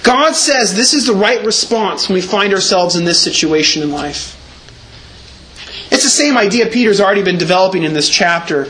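Pastor, male, high voice, emphatic sermon delivery, slight background noise. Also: lively intonation, moderate pace, bright, forceful tone. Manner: earnest, emphatic preaching with repeated words.

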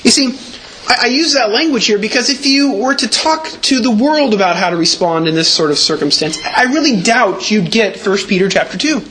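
A man's voice: high voice, animated, fairly quick, pushed and bright. A man preaching a sermon as pastor, earnest and emphatic, leaning on repeated words.

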